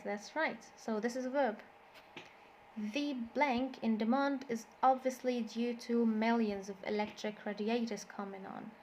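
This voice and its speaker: A woman's voice: fairly high pitch, a little mellow, slight background noise. Egyptian woman teaching English, drilling stress. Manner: switches between English and Egyptian Arabic, repeats words to drill stress. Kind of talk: classroom lesson explanation.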